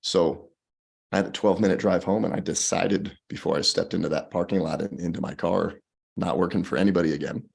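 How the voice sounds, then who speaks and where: A man's voice: low-pitched, brisk, vocal fry, slightly rough. A man from Colorado, a podcast guest, telling his story in conversation and acting out the people he quotes. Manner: animated, acts out quoted people.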